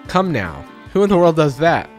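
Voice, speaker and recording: A man's voice: a little high, sing-song, moderate pace, soft background music, voice pushed up. A man putting on a fussy, proper old professor. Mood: prim, fussy. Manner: formal, polite, a bit pompous phrasing.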